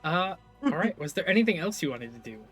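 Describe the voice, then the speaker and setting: A man with a slightly high voice runs a tabletop game as its game master. He narrates the scene loosely, breaking off and restarting with fillers as he goes, with faint music playing underneath. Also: very animated, quick pace, fairly bright tone.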